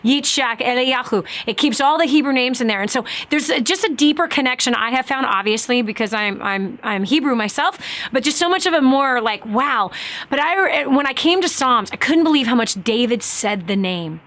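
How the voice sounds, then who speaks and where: A woman's voice: high voice, expressive, moderate pace, fairly bright tone. A woman hosting a faith talk show, effusive and emotional, speaking with emphatic feeling.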